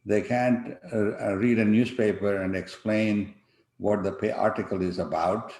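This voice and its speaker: Halting male conference speaker, low-pitched, presenting slides from an echoey room. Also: steady tone, darkish tone. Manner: halting, many fillers and restarts. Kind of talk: online conference talk with slides. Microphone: video call.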